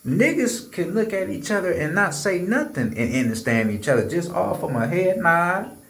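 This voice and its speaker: A man holds forth in a casual monologue, his pitch sitting a little high and swinging a lot as he presses his points. He keeps checking in with "right?" and swears freely. The room around him is echoey. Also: very animated, normal speed, a bit bright. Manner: emphatic, keeps asking "right?"; loose and profane, with many repeated filler words.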